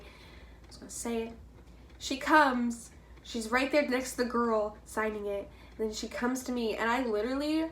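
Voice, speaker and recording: A woman from Houston, Texas, telling an excitable, gushing story to her camera, full of "like"s. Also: fairly high pitch. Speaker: vlogger. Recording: echoey room.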